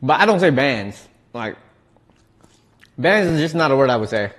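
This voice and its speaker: A man's voice: mid-range voice, big pitch swings, normal speed, a bit bright. A man streaming, chatting casually while he eats, laid-back and slangy, often repeating his words. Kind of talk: casual chat while eating.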